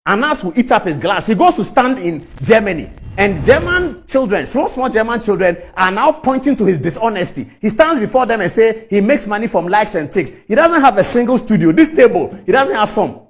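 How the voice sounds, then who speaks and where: A man's voice: high voice, very animated, a little fast, hardly any pauses. A middle-aged man with a Ghanaian English accent gives a fiery, rhetorical speech about football, repeating phrases for emphasis. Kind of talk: impassioned public speech.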